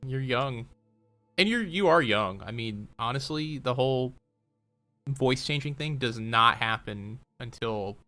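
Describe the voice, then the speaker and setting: A man's voice: mid-range voice, animated, measured pace, bright, forceful tone, faint music behind. A man chatting casually while gaming on a stream, talkative and laughing often.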